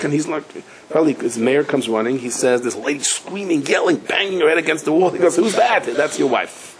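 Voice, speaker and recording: Animated rabbi telling a story. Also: male voice, medium pitch, slight background noise, rough recording. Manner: animated storyteller, acts out quoted voices, cries out at climaxes. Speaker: rabbi giving a Torah class. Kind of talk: storytelling lecture.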